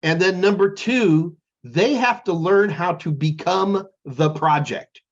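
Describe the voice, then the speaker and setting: A man's voice: high voice, slow, muffled recording. A man co-hosting a podcast in casual chat, telling jokey, rambling stories. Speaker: podcast co-host.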